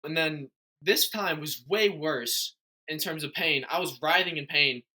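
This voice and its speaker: Bright young man telling stories. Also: a little high, unhurried. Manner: rambling storyteller, many fillers and restarts. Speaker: podcast host. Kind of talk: casual chat.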